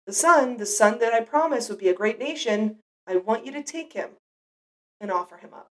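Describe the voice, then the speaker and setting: A woman voicing God as a male figure issuing a command in a grave, measured way. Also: on the high side, lively intonation, distant mic, close to an everyday voice.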